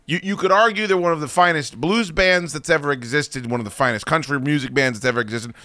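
A man's voice: a little high, quick pace, dry recording. A man hosting a talk show, chatting casually and venting with a lot of swearing. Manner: profane, animated venting. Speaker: radio show host. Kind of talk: casual chat and ranting.

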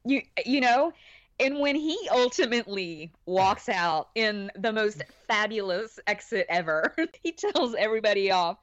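Woman podcast guest, animated chatter with laughs, dull dry lo-fi sound. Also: medium pitch, measured pace, no room sound. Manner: animated, laughing, many restarts. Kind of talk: casual chat.

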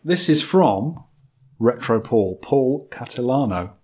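A man's voice: mid-range voice, lively intonation, slow pace, a little mellow. A man hosting a casual podcast, quizzing his co-host with teasing remarks and reading out listener mail. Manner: teasing quizmaster, reads listener mail aloud.

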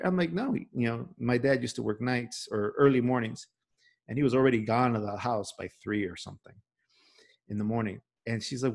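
A man hosting a podcast, telling a personal story in a casual, animated way, full of restarts and "right?". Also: medium pitch, a little fast, creaky. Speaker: podcast host.

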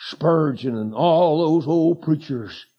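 Man, evangelist preacher, high voice, folksy yarns that rise into shouted preaching, muffled sermon tape. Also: takes it slowly, slightly rough. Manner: folksy storytelling that builds to shouted declarations. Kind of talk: fiery revival sermon. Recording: dull lo-fi sermon recording.

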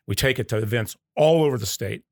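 A man from the Southern United States who leads a coffee company speaks fast in a mid-range, slightly mellow voice, recorded dry at studio quality. As a casual podcast interview guest, he narrates stories and acts out customer quotes.

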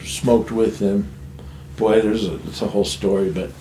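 A man's voice: lowish voice, fairly even intonation, normal speed, dark tone. Man in recovery, frank storyteller, swears freely; echoey room, light background hum. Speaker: guest sharing recovery story. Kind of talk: candid personal storytelling. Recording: echoey room, faint ambience.

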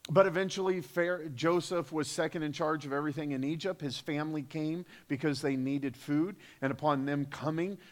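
A man's voice: fairly high pitch, fairly quick, hardly any pauses. A man preaching a sermon as pastor, emphatic, with rhetorical questions and repetition. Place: church sanctuary.

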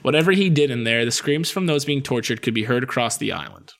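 Young guy on a podcast reading a spooky story out loud, keeps joking around, mid-pitch voice. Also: expressive, fast, creaky. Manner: reads the story, breaks off for jokes. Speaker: podcast co-host. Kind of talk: casual chat, reading a ghost story aloud.

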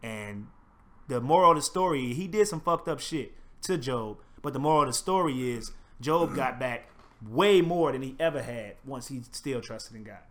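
Excitable man, bright voice. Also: mid-range voice, moderate pace. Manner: animated, profane, storytelling with acted-out quotes. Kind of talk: casual chat.

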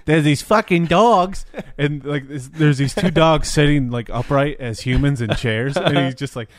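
A man's voice: mid-range voice, fairly even intonation, moderate pace, no echo, studio quality. A man co-hosting a podcast, casually riffing with crude, sweary jokes. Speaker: podcast co-host. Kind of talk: casual chat.

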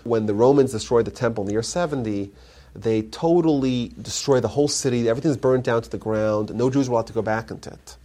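A man giving a live lecture on Jewish history, retelling stories with animated emphasis and frequent restarts, in a community centre lecture room. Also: mid-range voice, fast talker.

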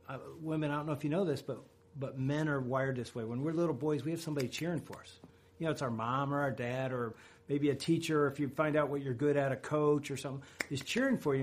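A middle-aged man co-hosting a radio talk show, telling a story with animated quotes. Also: a little high. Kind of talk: casual storytelling chat.

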